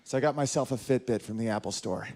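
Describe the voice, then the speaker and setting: A man's voice: mid-range voice, fast. A man from northern New York performing a stand-up comedy set on a club stage, telling stories and acting out the voices of the people in them. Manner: animated storytelling, acting out voices in quotes.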